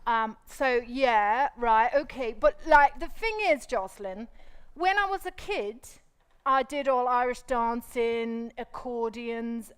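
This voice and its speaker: A woman's voice: a little high, takes it slowly, clean tone. A woman playing a brash young female DJ in a live comedy sketch, slangy and calling everyone mate. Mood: chatty.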